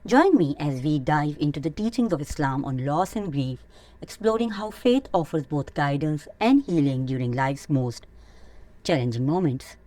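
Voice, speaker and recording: A woman hosting an Islamic teaching channel, reading a scripted lesson in an earnest, measured way. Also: low-pitched, lively intonation, dark tone, dry recording. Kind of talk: scripted religious teaching narration.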